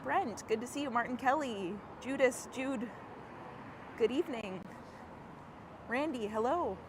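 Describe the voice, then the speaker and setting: A woman with a slightly high voice chats to her viewers as she walks a city street at night, greeting them by name and laughing easily. She is recorded on a handheld phone outdoors, with steady traffic and street noise behind her. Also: unhurried. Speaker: live-stream host. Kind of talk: casual live walking stream.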